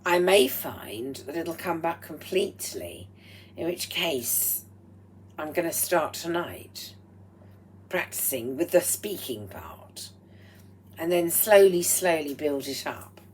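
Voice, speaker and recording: A woman vlogging at home with a throaty, strained voice, speaking in a slow, deliberate and slightly formal way and often dropping into breathy whispered asides. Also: sits low, sing-song, a little hiss or hum. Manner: proper, slightly formal phrasing. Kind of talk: rambling personal vlog monologue. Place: at home while cooking. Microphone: speaking into a microphone.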